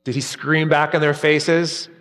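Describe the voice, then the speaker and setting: A man preaching a sermon earnestly, rising for emphasis and dropping soft at key points. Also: a little high, level tone, a little slow. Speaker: pastor. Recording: long reverb, hall-like.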